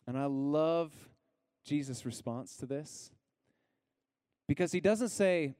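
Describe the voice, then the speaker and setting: A man preaching a sermon as pastor. He talks earnestly, pauses on single words and drops to a hush on key lines. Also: a little high, animated, clean tone, no room sound, studio quality.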